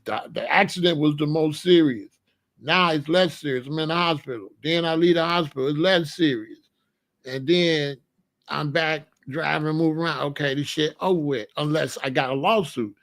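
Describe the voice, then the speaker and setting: A man hosting a comedic monologue, an animated, profane storyteller who laughs often. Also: fairly high pitch, normal speed. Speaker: podcast host.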